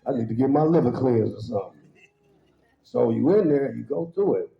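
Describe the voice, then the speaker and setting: A man's voice: brisk, vocal fry. A man giving a humorous storytelling testimony at a church service, acting out voices and laughing along with his own punchlines. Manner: animated, acts out quoted voices with sudden high pitch jumps. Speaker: guest speaker at a worship service. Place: church hall. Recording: roomy, slightly dull hall sound.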